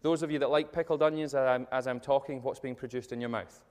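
A man's voice: mid-range voice, quick pace. Man speaking in a reverberant hall. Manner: jokey, energetic storytelling, addresses the crowd directly. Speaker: motivational speaker. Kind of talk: live audience talk. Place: event room with tables and audience. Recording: long reverb of a large hall.

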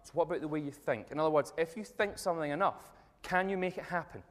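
A man giving a jokey, energetic talk to a live audience, telling stories and speaking directly to the crowd. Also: fairly high pitch, quick pace. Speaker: motivational speaker. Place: event room with tables and audience. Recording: long reverb of a large hall.

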